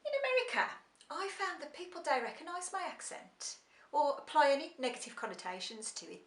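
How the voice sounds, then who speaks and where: A woman's voice: sits high, a bit bright, reverberant, full character voice. An actress playing a middle-aged working-class woman turned executive, speaking with a Black Country accent in a wry, confiding monologue. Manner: wry, confiding, switches to a clipped posh work voice. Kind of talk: monologue drama.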